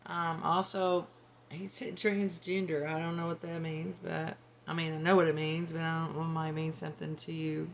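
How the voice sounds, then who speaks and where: A woman's voice: low voice, little pitch movement, normal speed, creaky, slight background noise. A woman working as a psychic medium, relaying channeled messages in a hesitant, tentative way. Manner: hesitant, tentative, laughs between.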